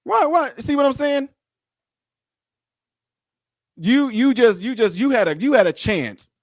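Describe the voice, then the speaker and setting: A man doing reaction commentary on a video, teasing and animated, repeating his lines for effect. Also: extremely high pitch, a little slow, no room sound, clean studio sound.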